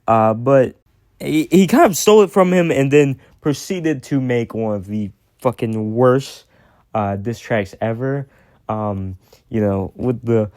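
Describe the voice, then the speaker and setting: A man's voice: medium pitch, unhurried, darkish tone, no echo, studio quality. A man rambling casually about music, with lots of fillers, restarts and swearing. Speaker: music commentator.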